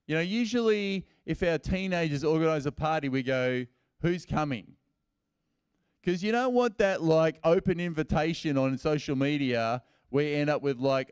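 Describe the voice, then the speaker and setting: A man's voice: a little high, darkish tone, clean tone, no echo, studio quality. A man preaching as a pastor at a church service, telling the stories in a casual, conversational way and acting out what people say. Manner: casual and storytelling, acting out quoted lines in everyday speech. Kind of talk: conversational sermon.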